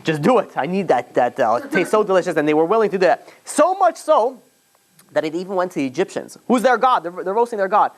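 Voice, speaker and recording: Chatty rabbi teaching a class. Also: male voice, sits high, big pitch swings, quick pace. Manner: chatty, with frequent restarts and "you know"s, acts out quotes. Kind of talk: informal storytelling lecture.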